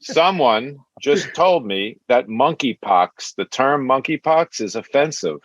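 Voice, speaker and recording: A man in his sixties with a thick Brooklyn accent works through a stand-up set of one-liners, chuckling at his own punchlines. His delivery is slow and his pitch swings widely. The sound is close and dry, from a computer mic on a video call. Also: expressive, no echo, muffled recording. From New York. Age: 60s. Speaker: stand-up comic. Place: home, over video call.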